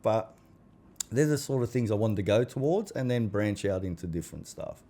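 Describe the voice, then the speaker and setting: A man in his 40s, appearing as a guest on a podcast, chats casually and bluntly, swearing and acting out the conversations he recounts. His voice is fairly low and warm, animated, and delivered at a normal speed.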